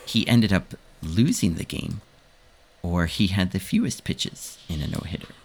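Gravelly-voiced man reading a quiz. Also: low-pitched, big pitch swings, slight background noise. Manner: laughs often, reads choices slowly. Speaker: podcast co-host, quizmaster. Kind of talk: casual chat, reading quiz questions.

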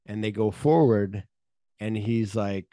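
Warm and fairly low, this man's voice moves at a slow pace on a dry, clean studio recording. Co-hosting a relaxed podcast, he retells a film scene by scene, voicing the characters and cursing without restraint.

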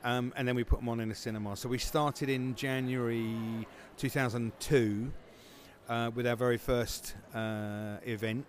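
A man's voice: mid-range voice, steady tone, moderate pace. Rambling man, faint background hiss. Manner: rambling, many fillers and restarts. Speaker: film festival founder. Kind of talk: casual interview answers.

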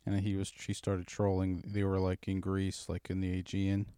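Low-voiced man trading profane jabs. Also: completely flat delivery, normal speed, mellow, clear, resonant tone, dry recording, studio quality. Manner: profane, teasing, argumentative. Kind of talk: casual chat.

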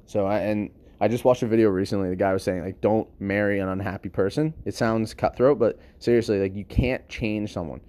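A man's voice: fairly low pitch, steady tone, a little fast, hardly any pauses, warm tone. A man talking casually and emphatically, rambling and repeating words as he explains his views. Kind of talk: casual monologue on psychology.

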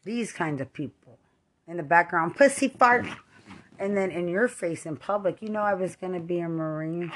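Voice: mid-range voice, moderate pace, fairly bright tone, a little hiss or hum. A middle-aged army veteran from Texas giving an angry, rambling monologue full of repeated accusations.

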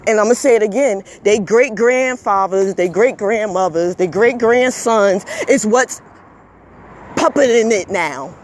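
A man's voice: sits high, a little slow. A man delivering a heated, emphatic monologue rant, repeating himself, scolding listeners and swearing when worked up.

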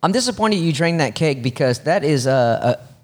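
A man hosting a casual podcast chat, excitable and whooping, with lots of stumbling restarts. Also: a little high, normal speed. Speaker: podcast host.

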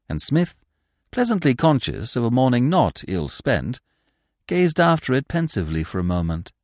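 A man narrating a classic story as an audiobook, with an expressive, wry storytelling delivery. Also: medium pitch, moderate pace, no room sound, studio quality.

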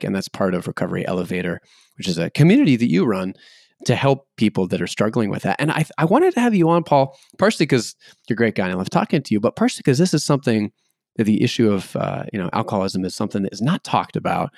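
A man's voice: fairly low pitch, creaky, a little mellow, no room sound, clean studio sound. A man hosting a podcast interview, casual and joking, with many fillers. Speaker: podcast host.

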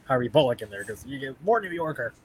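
A man's voice: medium pitch, very animated, fast talker, slightly rough, low-quality recording. A man chatting casually about video games as a podcast co-host, dropping brief, dry remarks. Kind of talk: casual gaming chat.

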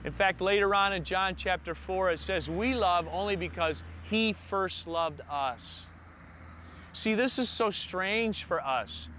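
A man delivers a sermon at a measured, unhurried pace, leaning on key words with long pauses. His voice sits slightly high and has a bright, forceful edge. He speaks like a pastor addressing his congregation. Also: a little hiss or hum. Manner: preaching with slow emphatic pauses.

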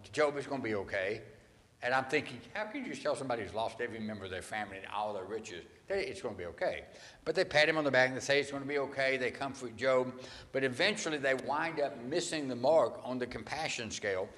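A man delivers a sermon in an animated, storytelling way. He slips into acted voices for quoted lines and keeps a casual, conversational tone. His voice rings out with long reverb, as in a church hall. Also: mid-range voice. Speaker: pastor.

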